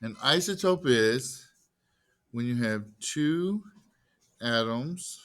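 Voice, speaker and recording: A man's voice: medium pitch, lively intonation, slow, a bit bright. A man teaching a class in a casual lecture style, posing questions to students and answering them himself, with jokey asides.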